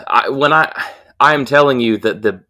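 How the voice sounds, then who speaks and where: A man's voice: mid-range voice, moderate pace. Man telling a profane bar story. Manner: profane, animated anecdote telling. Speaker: podcast co-host. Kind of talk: casual storytelling.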